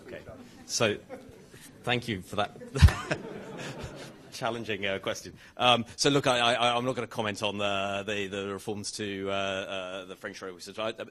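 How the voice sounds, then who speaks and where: A man, a rail regulator's chief executive, answering questions on a conference panel in a halting way, with frequent restarts and hedges. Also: fairly low pitch, level tone, pushed and bright, slight background noise. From United Kingdom. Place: conference hall.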